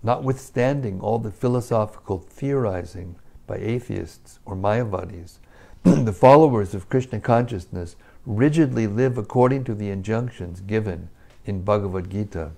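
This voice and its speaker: A middle-aged man reading a religious commentary aloud, slow and measured, with occasional restarts. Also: fairly low pitch, vocal fry, a little mellow. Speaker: reader of scripture purports.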